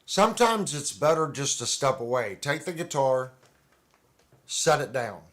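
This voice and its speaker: A man's voice: mid-range voice, sing-song, measured pace, a bit bright. A man hosting a casual livestream, chatting in a rambling, conversational way with restarts. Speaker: livestream host. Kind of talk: casual chat about guitars.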